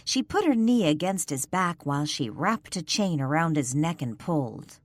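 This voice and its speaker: A woman narrating a paranormal romance audiobook in a measured, expressive storytelling manner. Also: low-pitched, no room sound, studio quality. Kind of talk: scripted narration.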